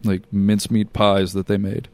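A male podcast co-host with a lowish, slightly mellow voice speaks at normal speed with a flat delivery. In casual chat he tells loose stories, leaning on lots of filler words and laughter.

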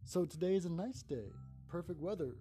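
A man's voice: a little high, animated, normal speed, warm tone, soft background music, pitched above the performer's own voice, lightly acted. A man voicing a falsely pleasant mother making forced small talk in a raised voice. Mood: forced cheer.

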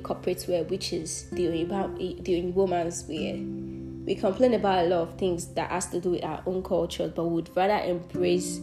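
A young Nigerian woman hosts her own podcast, talking earnestly and thoughtfully in a slightly low voice and often starting sentences over. Her voice bounces around an echoey room. Music plays clearly underneath. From southwestern Nigeria. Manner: earnest, reflective, self-correcting with frequent restarts. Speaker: podcast host. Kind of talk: solo podcast monologue.

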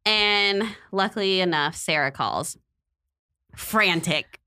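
Young woman, podcast co-host, lower pitch with a bright edge, animated storyteller. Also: normal speed. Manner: animated, acts out quotes, laughs often. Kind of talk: casual storytelling chat.

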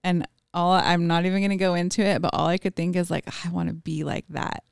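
A woman's voice: on the low side, little pitch movement, fairly quick, vocal fry, smooth, no echo, studio quality. A woman, a mother, telling a personal story in casual podcast talk, full of fillers and acted-out quotes. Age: adult with children. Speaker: podcast guest. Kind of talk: casual conversation.

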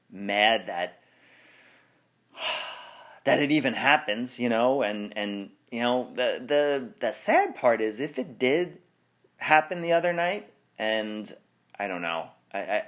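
A male podcast host with a fairly low voice, chatting casually to his listeners. He rambles, trails off and corrects himself, breaking into laughter now and then. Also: fairly bright tone. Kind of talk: casual chat.

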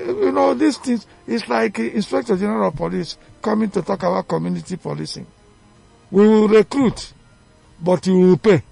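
Nigerian guy ranting on a radio panel, real gravelly and husky, dry sound. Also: sits high, darkish tone, dry recording. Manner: emphatic, fiery, rhetorical questions. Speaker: studio guest, chief. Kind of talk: heated radio debate. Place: radio studio.

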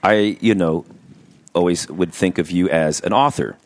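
A man's voice: sits low, measured pace. A man hosting an interview in an easygoing, loose, self-deprecating way. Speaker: host. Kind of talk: conversational interview.

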